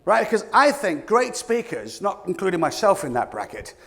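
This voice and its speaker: Speaking to a roomful of listeners in a conference room, a British leadership coach delivers a keynote in a voice pitched high for a man, at normal speed with some vocal fry. He's animated, quizzing the audience and acting out quotes as little scenes. Each phrase trails a long reverb, as in a large hall.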